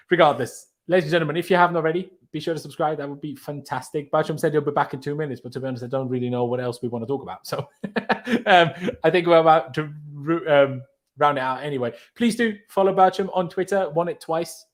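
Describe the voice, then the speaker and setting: A fairly high-voiced man, hosting a football fan livestream. He rambles in easygoing chat, laughs often and pads his talk with fillers. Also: quick pace. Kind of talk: casual chat.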